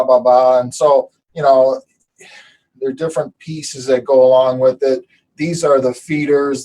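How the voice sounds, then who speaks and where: A man's voice: medium pitch, dark tone, low-quality recording. A man from the Detroit area, taking part in an online group call, talks in a friendly, polite and rambling way as he shows his projects. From Detroit area, United States. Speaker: participant showing his projects. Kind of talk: casual group video call.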